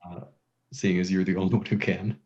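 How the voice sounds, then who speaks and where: A man's voice: sits low, flat delivery, fairly quick, a little mellow. A man narrating a tabletop game as game master, hesitant with many ums and uhs, on a dull lo-fi recording.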